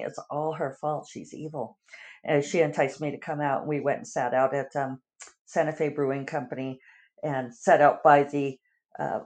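A woman's voice: low voice, a little mellow. A woman writer chatting casually through her weekly video update, rambling with lots of fillers and little laughs. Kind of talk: casual chat.

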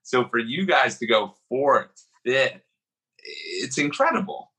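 Podcast host guy, bright kinda husky voice, upbeat and eager, asks lots of questions. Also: medium pitch, big pitch swings, takes it slowly, rough recording. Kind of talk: casual interview.

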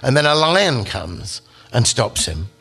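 A man giving a literature lecture, telling the story with animated, acted-out quotes. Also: medium pitch, slow, soft background music.

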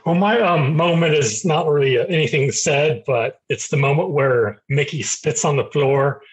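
A man's voice: on the high side, moderate pace, breathy edge, poor audio. A man appearing as a guest on a casual movie podcast, speaking hesitantly with fillers. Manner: brief backchannels, hesitant with fillers.

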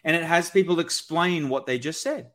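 Brief: a lively man with a slightly high voice explaining sales tactics in a podcast chat. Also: moderate pace. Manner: energetic, acts out sales-call dialogue. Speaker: sales expert guest. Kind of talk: conversational podcast talk.

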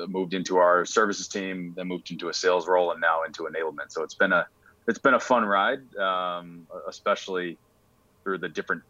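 A man's voice: sits low, sharp tone, no room sound, dull audio. A young man from Rhode Island, a podcast guest talking casually and hesitantly, with many fillers and restarts. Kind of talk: casual interview chat.

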